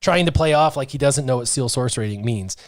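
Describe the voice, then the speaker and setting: A man's voice: mid-range voice, fairly quick, a crowd in the background. A middle-aged man hosting a casual chat, telling a long story and voicing the people in it. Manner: animated, acts out the dialogue of people in his stories. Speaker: gaming channel host.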